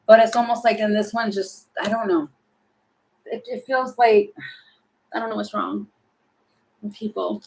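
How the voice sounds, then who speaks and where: A woman's voice: mid-range voice, low-quality recording. Chatty woman giving a live tarot reading. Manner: chatty, thinking aloud, acts out little quoted voices; exasperated about the energy. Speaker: tarot reader.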